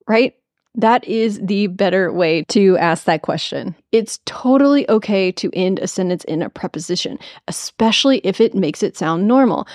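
A woman's voice: medium pitch, darkish tone, no echo, clean studio sound. A woman hosting a podcast, giving a casual, upbeat spoken lesson on copywriting with playful asides. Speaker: podcast host teaching copywriting.

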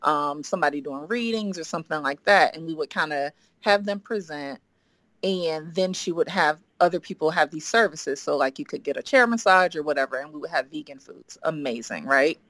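A woman in her forties telling a personal story as a guest, acting out the quoted dialogue with lively energy. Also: low-pitched, brisk, no room sound. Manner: animated, acts out quoted dialogue. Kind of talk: casual storytelling.

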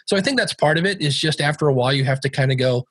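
A man talking as a guest in a podcast interview. He tells his stories in an animated way and acts out what people said. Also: on the high side, racing, no room sound. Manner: animated storyteller who acts out quoted dialogue. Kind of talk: conversational interview.

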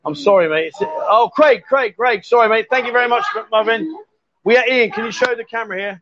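A man's voice: extremely high pitch, brisk, fairly bright tone, dull audio. A man hosting a casual live stream from a bar, cheerfully coaching women at a pool table and calling them sweetheart and darling. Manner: cheery, coaxing, says "sweetheart" and "darling" a lot. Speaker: host.

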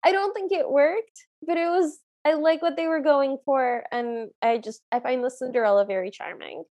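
A woman's voice: high voice, moderate pace, a little mellow, dry recording. A woman co-hosting a podcast, recapping a film in enthusiastic, chatty conversation. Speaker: podcast co-host. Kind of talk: casual film recap chat.

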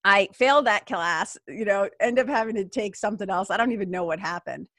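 A woman's voice: mid-range voice, brisk, a bit bright, no echo, clean studio sound. Candid, swearing woman. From Massachusetts. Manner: candid, swears freely, lots of fillers. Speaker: podcast host. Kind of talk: casual storytelling monologue.

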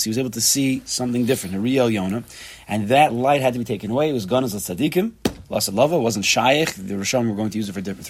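A man teaching an informal Torah class to a small group, talking in an animated way that repeats phrases and mixes in Hebrew and Yiddish terms. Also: lowish voice, slightly rough.

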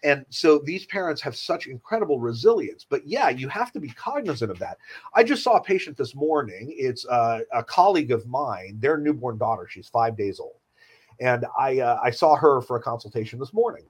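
A middle-aged man, a children's surgeon, speaking in an earnest, measured and reassuring way in a conversation. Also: medium pitch, sing-song, husky, rough recording. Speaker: pediatric surgeon. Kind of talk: podcast conversation.

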